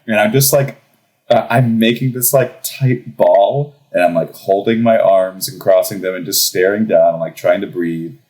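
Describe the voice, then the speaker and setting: Low-voiced young man telling a story. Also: normal speed, poor audio. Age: young adult. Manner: animated, laughing through a comic anecdote. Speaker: podcast guest. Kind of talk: casual storytelling.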